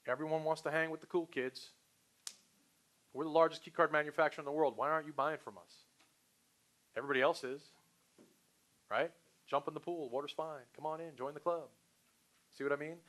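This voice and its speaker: A man's voice: fairly high pitch, fairly quick, pauses often. A man leading a sales training session, talking casually to trainees and acting out short phone exchanges. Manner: animated, acts out customer and salesperson lines. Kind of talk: live sales training talk.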